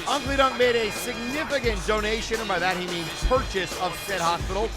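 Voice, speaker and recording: A man calling play-by-play for an online wrestling show, excitable and bursting into frantic shouting at big moments. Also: sits high, a little fast. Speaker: wrestling commentator. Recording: loud music and crowd noise behind.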